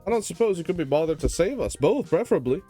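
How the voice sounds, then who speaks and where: A man's voice: a little high, very animated, fast talker, warm tone, soft background music, voice pushed up. A man voicing snarky, bickering game characters in a raised, sarcastic voice. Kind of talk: reading game dialogue in voices.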